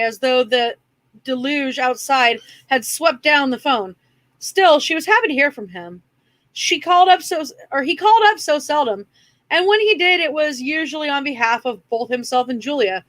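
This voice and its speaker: A woman reading a horror novel aloud to a live audience, dropping softer for the characters' lines. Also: sits high, expressive, moderate pace, no room sound, poor audio. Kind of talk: reading aloud with casual chat.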